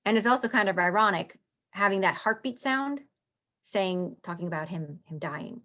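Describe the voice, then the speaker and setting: A woman's voice: mid-range voice, expressive, moderate pace, bright, forceful tone. A woman giving a casual lecture on a play, reading lines aloud and tapping out the meter with enthusiasm. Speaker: literature teacher.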